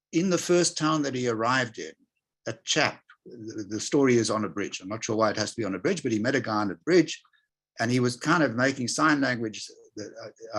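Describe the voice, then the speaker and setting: This is an older man from South Africa sharing a long anecdote as an interview guest. His voice is a little husky and breathy at mid pitch. He talks reflectively, doubling back on words as he builds the story. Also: fairly bright tone. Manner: anecdotal, reflective, frequent restarts. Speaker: interview guest, retail executive.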